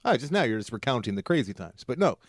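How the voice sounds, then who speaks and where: Quick-witted male podcast co-host. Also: medium pitch, sing-song, no echo, studio quality. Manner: quick teasing quips. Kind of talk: casual studio banter. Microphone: studio microphone.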